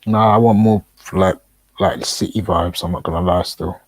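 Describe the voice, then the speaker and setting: A man's voice: sits low, fairly even intonation, normal speed, no echo. A man, co-hosting a podcast in casual chat, laughing often and trading mocking, slangy banter. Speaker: podcast co-host.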